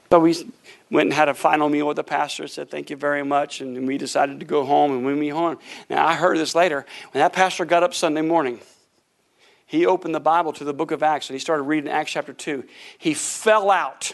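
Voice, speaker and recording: A middle-aged male preacher with a fairly high voice, telling his story in an animated sermon. He acts out the voices of other people and laughs often as he goes. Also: moderate pace, gravelly. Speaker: pastor.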